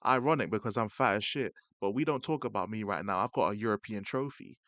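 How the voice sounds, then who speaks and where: A man's voice: lowish voice, quick pace, fairly bright tone, dry recording. A young man, a streamer mocking football rivals in casual, slang-heavy banter. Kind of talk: casual livestream rant.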